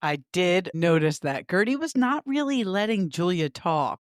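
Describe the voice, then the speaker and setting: Lively-voiced woman giving her opinions. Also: on the low side, normal speed, no echo, clean studio sound. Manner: opinionated, agreeing and giving her own take. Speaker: podcast co-host. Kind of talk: casual chat.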